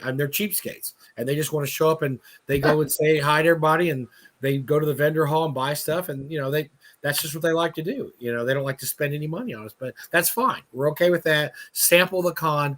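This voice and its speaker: A man's voice: fairly high pitch, fast, fairly bright tone. A man in casual live-stream chat about running a convention, jokey and prone to laughing and restarting sentences. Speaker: convention organizer on panel.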